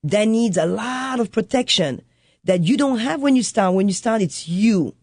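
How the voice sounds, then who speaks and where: A woman's voice: medium pitch, lively intonation, normal speed, a little mellow, breathy edge, dry recording, studio quality. A woman, a coffee shop owner who speaks as a guest in a casual interview chat and acts out customers and her son as she tells stories. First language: French.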